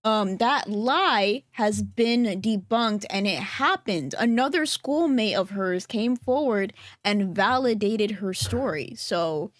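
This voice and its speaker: A woman co-hosting a casual commentary chat, animated and quick to mimic others. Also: mid-range voice, no room sound. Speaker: co-host.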